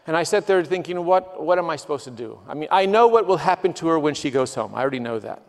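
A man with a fairly high voice gives a missionary testimony in a church sanctuary, telling stories earnestly and rising with feeling. The long reverb of the hall trails after his words. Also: animated, fast talker, hardly any pauses. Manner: earnest storytelling, quoting people, swells with emotion. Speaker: guest missionary.

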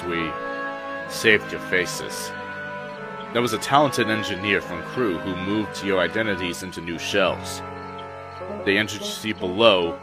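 A man voicing a stout older male railway boss who speaks gravely and deliberately. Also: sits low. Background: music.

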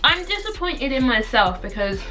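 Bright-voiced young woman complaining. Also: high voice, very animated, moderate pace, soft background music. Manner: complaining, laughing, sign-off to viewers. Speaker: channel co-host. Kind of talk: casual chat.

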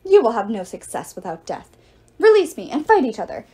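A proud goddess of victory spits curses and threats in a high, swooping voice, as a woman reading a book puts her on. The delivery is haughty and loud, rising sharply on her warnings. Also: huge pitch swings, a little fast, breathy edge, full character voice. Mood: furious, haughty.

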